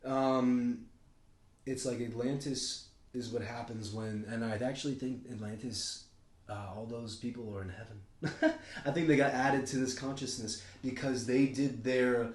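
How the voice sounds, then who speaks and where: In a relaxed podcast chat, the male co-host talks a little slowly in a mid-range voice with a steady tone. His delivery is loose and rambling, full of swearing and abrupt shifts in thought. The recording has a roomy echo.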